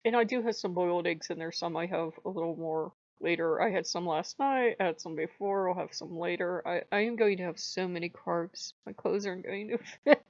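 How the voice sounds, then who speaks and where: A woman's voice: lowish voice, brisk, no echo, muffled recording. Laughing, chatty woman vlogger. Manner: chatty, laughs often, breaks into bright quoted voices. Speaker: video blogger. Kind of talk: casual chat.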